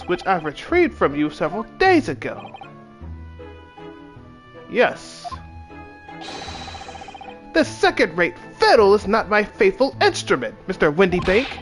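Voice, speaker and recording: A man voicing a pompous older gentleman detective with lofty, theatrical diction while reading game dialogue aloud. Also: high-pitched, huge pitch swings, unhurried, pauses often, faint music behind, pitched above the performer's own voice, heavily acted.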